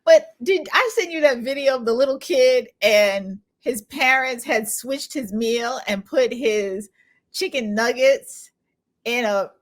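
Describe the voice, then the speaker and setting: A woman's voice: fairly high pitch, takes it slowly. A woman hosting a podcast who chats with her guest, tells funny stories and laughs often. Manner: animated, laughs often, lively storyteller. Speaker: podcast host. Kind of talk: casual podcast interview.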